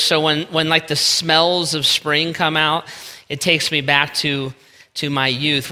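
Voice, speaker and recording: A man's voice: fairly high pitch, pushed and bright. A man in his forties, a pastor giving a folksy, self-deprecating sermon with a personal story in a church sanctuary. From Northeast Ohio. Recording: long hall reverb.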